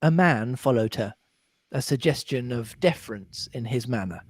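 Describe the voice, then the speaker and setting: A podcast co-host reading a classic mystery aloud in an expressive, animated way. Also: medium pitch, moderate pace, no room sound. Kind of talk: reading a novel aloud with chat.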